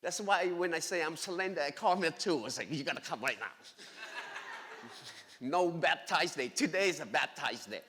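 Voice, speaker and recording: A man giving an excited, emphatic personal testimony at church, speaking in broken grammar. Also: a little high, moderate pace, slight background noise. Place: church sanctuary. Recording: long echoey church hall reverb.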